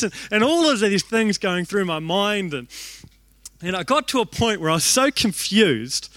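A young man preaching a storytelling sermon in an animated, self-deprecating way, acting out the thoughts he quotes. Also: high-pitched, fairly quick, dry recording.

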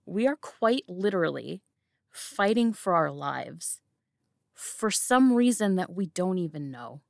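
A woman's voice: fairly low pitch, sing-song, slow pace, gravelly, a little mellow, no room sound, studio quality, heavily acted. A woman playing a blunt, defiant young fighter.

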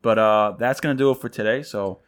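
Male podcast co-host, relaxed and casual, doing the outro. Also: fairly low pitch, fairly quick. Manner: relaxed, laid-back sign-off with plugs for the show. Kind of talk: casual chat, signing off the show.

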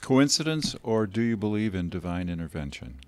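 A man's voice: fairly low pitch, very animated, normal speed, dry recording. A man interviewing a guest and prompting the story with leading questions.

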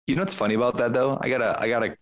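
Man telling an animated story. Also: medium pitch, very fast. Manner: animated, acts out his own thoughts mid-story; frequent restarts and fillers. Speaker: podcast guest. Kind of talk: casual conversational storytelling.

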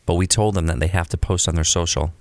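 A man with a notably low, deep voice talks casually as a podcast co-host. He is animated and acts out quoted examples to make his points. The sound is dry and close, with no room echo. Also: fast talker. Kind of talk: casual conversation about creative work.

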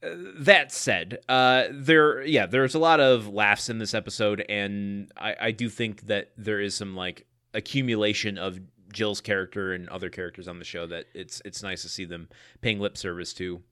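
A man co-hosting a casual podcast who talks chattily, fills his pauses with ums, and teases his partner. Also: fairly low pitch, fairly even intonation, sharp tone, smooth. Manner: chatty, hesitant with ums, teasing. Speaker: podcast co-host. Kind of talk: casual chat.

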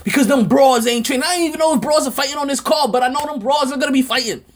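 A man's voice: very high voice, rapid-fire. A man hosting a sports podcast, ranting in a rambling, repetitive and emphatic way. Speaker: podcast host.

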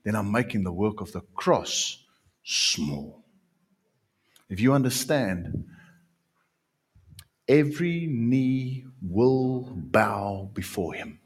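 A male pastor preaching a sermon. His voice is slightly husky and he takes his time, lingering on words and repeating them for emphasis as he moves between hushed and forceful passages. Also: fairly low pitch, lively intonation. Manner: emphatic, drawn-out repetitions, swings from quiet to loud.

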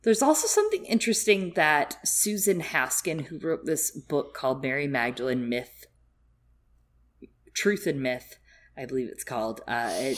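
A woman's voice: low voice, fairly bright tone. A woman co-hosting a casual book discussion, chatty and rambling, with many fillers. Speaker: podcast co-host.

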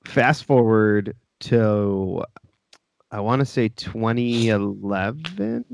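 A man who wrestles, telling a story in relaxed podcast chat, hedging with "like" and "um". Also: fairly low pitch, slow pace, gravelly, slight background noise. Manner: laid-back, hesitant, with filler words. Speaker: professional wrestler.

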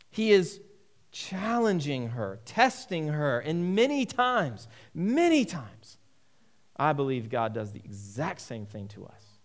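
Slow, emphatic male preacher. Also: high-pitched, very animated. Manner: emphatic, repeats key phrases. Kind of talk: sermon.

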